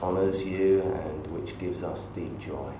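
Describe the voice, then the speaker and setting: Slow-speaking preacher in an echoey church. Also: male voice, sits low, steady tone, distant mic, noisy background. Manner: conversational, storytelling with asides. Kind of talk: sermon.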